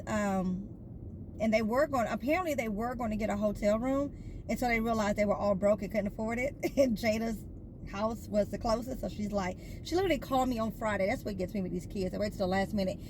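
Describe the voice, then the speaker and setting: A woman's voice: mid-range voice, background noise. A woman vlogging in a casual, chatty way, telling stories with fillers and asides. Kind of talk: casual chat.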